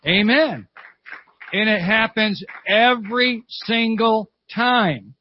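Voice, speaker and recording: A man's voice: high voice, slow pace, lo-fi sound, slight background noise. Fervent older man preaching a sermon. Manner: fervent storytelling preacher, repeats phrases, calls "Amen". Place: church service.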